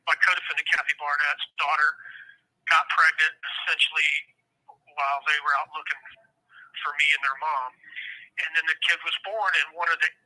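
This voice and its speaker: A man's voice: a little high, flat delivery, moderate pace, bright, forceful tone, poor audio. A middle-aged man from Ohio, a prison inmate guest on a phone interview, talking in a heated, profane and rambling way.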